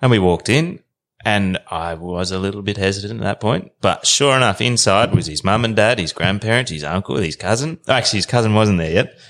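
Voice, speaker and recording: Male podcast guest, low voice, easygoing rambling storyteller. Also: fairly quick, a bit bright.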